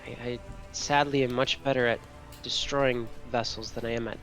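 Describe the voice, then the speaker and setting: A man voicing a weary, courteous male dragon in a tabletop game, speaking in formal, halting sentences. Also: medium pitch, fairly even intonation, fairly bright tone, faint music behind, lightly acted. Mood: gracious. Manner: formal, halting, grateful speech. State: exhausted. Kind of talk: tabletop game role-play.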